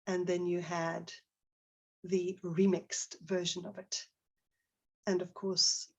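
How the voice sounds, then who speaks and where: A woman's voice: medium pitch, a little mellow, husky. A middle-aged woman giving an online talk to teachers, conversational and full of fillers and restarts, asking her audience questions.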